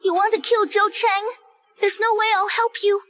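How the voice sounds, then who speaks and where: Spoiled young noblewoman, very high shrill voice, pleading and emotional. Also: steady tone, moderate pace, bright, forceful tone. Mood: suspicious.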